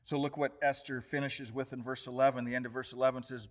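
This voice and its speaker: A male pastor preaching a sermon, retelling scripture as lively storytelling, rising to loud emphasis and dropping low and quiet. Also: fast, hardly any pauses. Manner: animated storytelling, paraphrases scripture in modern speech.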